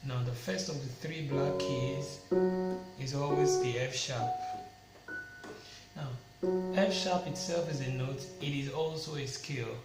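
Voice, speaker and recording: A man teaching a piano lesson, explaining slowly step by step and naming fingers and notes. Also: medium pitch. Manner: slow, step-by-step explaining, counting fingers and singing note names. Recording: echoey room with loud piano. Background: piano playing.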